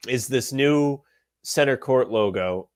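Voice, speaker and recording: A man co-hosting a sports podcast, talking in an opinionated, animated rant. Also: medium pitch, slow. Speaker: podcast co-host. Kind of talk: casual sports podcast chat.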